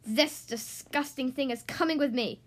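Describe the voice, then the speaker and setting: A woman voicing a bossy female headmistress who hates animals, booming her words slow and clipped. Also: sing-song, heavily acted. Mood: furious.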